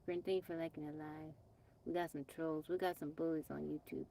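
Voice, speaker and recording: Her voice is low-pitched, gravelly, and mellow, with little pitch movement and a brisk pace, and there's slight background noise. The woman from Texas livestreams from her off-grid home on her phone, chatting with viewers, naming them in greetings, and brushing off trolls.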